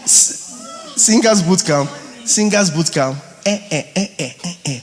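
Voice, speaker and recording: A man, teaching a live singers' workshop as a vocal coach, teasing and lively. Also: sits high, a little slow. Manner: animated, teasing, mixes in pidgin. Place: large hall at a live boot camp. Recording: long hall reverb.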